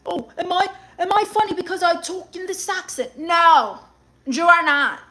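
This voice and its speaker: A woman's voice: sits high, normal speed, sharp tone. A woman playing a brash, self-assured woman who sassily mocks advice and chat while dropping Spanish words. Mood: sassy, scornful. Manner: sassy, scornful, interjects Spanish words. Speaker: livestream comedy host reading chat and a self-help book. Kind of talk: live-streamed character comedy.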